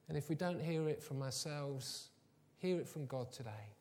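A man preaching a sermon, telling personal stories, moving from quiet and low to loud and emphatic. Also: moderate pace. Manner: warm storytelling, swings from soft and low to loud and emphatic. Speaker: pastor. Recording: long hall reverb.

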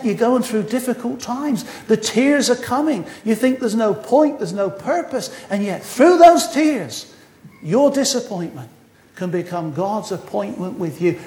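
A man's voice: high voice, a little mellow. A man in his sixties preaching a sermon, earnest with wry humorous asides. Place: church hall. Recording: echoey hall.

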